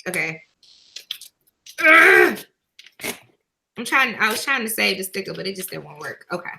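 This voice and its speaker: A woman's voice: fairly low pitch, lively intonation, racing, creaky, sharp tone, a little hiss or hum, poor audio. A woman hosting a casual video chat, talking in an emotional, laughing way with plenty of dialect. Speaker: YouTube host.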